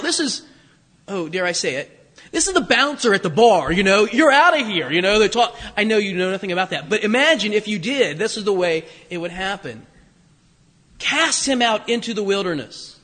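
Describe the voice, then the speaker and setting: A man's voice: high-pitched, bright, forceful tone. A man preaching a sermon in a conversational way, full of jokey asides and frequent "you know"s. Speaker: pastor. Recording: reverberant hall.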